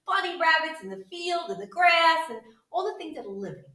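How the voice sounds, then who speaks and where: A woman co-hosting a playful science lesson for kids, animated and teacherly, repeating key words. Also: very high voice, brisk. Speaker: co-host and science explainer. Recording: roomy sound from a distance.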